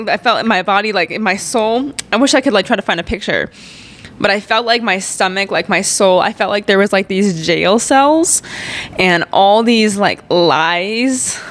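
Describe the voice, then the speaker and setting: A podcast host, a young woman in her twenties with a medium-pitched voice, shares her personal faith testimony. She's candid and emotional, leaning heavily on "like" as a filler.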